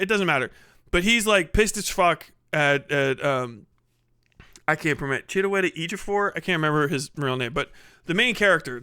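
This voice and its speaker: A man's voice: sits high, pushed and bright, smooth, no room sound, studio quality. A man livestreaming a rambling, profane comedic rant, laughing often and slipping into impressions.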